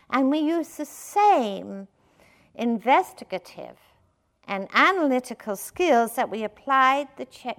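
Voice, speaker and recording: Older woman meditation teacher, chatty dharma talk, light humor, slightly high pitch. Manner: conversational, many fillers, playful with laughs.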